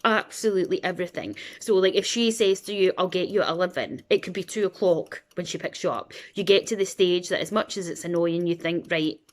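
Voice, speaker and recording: Chatty Scottish woman, lowish voice. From Scotland. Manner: chatty and rambling, acts out quoted voices. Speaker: vlogger. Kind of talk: casual chat.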